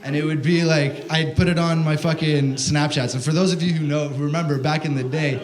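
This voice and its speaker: A man's voice: fairly high pitch, steady tone, fairly quick, crowd noise. A young man doing stand-up comedy, telling a story in a brash, profane, slangy way and calling people "bro.". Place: comedy stage before a live audience.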